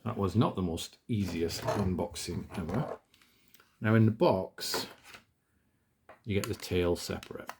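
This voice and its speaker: A man's voice: deep voice, unhurried, long pauses, noisy background. A man hosting a toy unboxing in a casual, chatty way, poking fun at himself as he works in his small home office. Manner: chatty, self-deprecating, talks while working with his hands.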